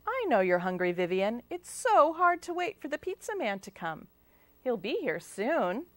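A woman reading as a gentle, patient mother. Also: a little high, big pitch swings, moderate pace, a little hiss or hum. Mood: soothing. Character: gentle patient mother comforting hungry daughter.

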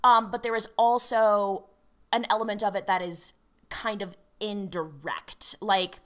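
A woman's voice: mid-range voice, fairly even intonation, unhurried. A woman co-hosting a podcast, chatting casually and animatedly with many fillers and restarts. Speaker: podcast co-host. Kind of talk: casual chat.

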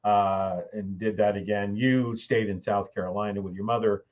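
Older guy, dry and slow-winding storyteller, sounds a bit muffled. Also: on the low side, flat delivery. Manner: dry, measured storytelling with many pauses. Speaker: guest, host's father. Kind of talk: casual chat.

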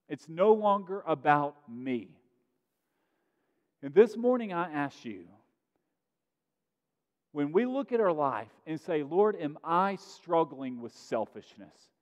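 A man preaching a sermon as pastor, earnest, pushing his voice up for emphasis and then dropping to a quiet tone. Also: high-pitched. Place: church sanctuary. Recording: muffled sound in a reverberant sanctuary.

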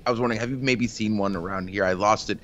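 A man's voice: lowish voice, racing, a bit bright, lo-fi sound, slight background noise. A man playing a tabletop game in a playful, mock-polite way. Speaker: player.

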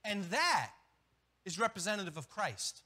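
A man preaching a sermon as pastor, animated, with quick restarts and acted-out asides. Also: sits high. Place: church.

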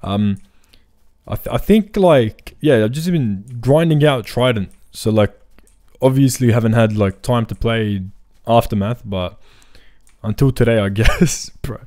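A young man giving casual, excitable gameplay commentary full of slang. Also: mid-range voice, unhurried, no room sound, studio quality. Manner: excitable, slangy, says "bro" constantly. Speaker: gaming video creator.

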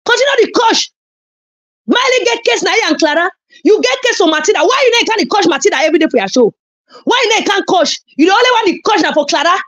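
A woman with a Nigerian Pidgin accent delivers a heated online rant, scolding and cursing in loud, emphatic bursts. Her high voice leaps and plunges all over the place. The sound is dull and lo-fi, like a phone recording. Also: expressive, fast talker. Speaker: social media commentator.

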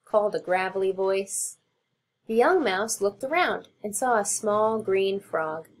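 A woman teacher narrating a children's storybook aloud in an expressive reading. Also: medium pitch, measured pace.

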